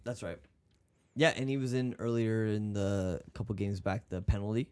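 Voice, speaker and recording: A man co-hosting a casual sports podcast, animated, swearing and laughing often. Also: fairly low pitch, normal speed, clean tone. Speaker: podcast co-host.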